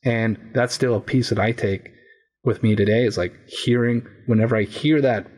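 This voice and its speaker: Husky, reflective male coach. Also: mid-range voice, steady tone, normal speed, a little mellow. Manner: reflective, searching for words with many restarts and "like". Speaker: coach and podcast guest. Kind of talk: casual podcast conversation.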